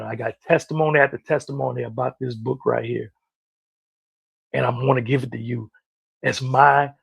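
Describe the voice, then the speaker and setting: Male motivational minister, husky gravelly voice, punchy repeated lines, dry close sound. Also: mid-range voice, no room sound. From North Carolina. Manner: emphatic, repeats key phrases, rising to loud peaks. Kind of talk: motivational preaching to camera.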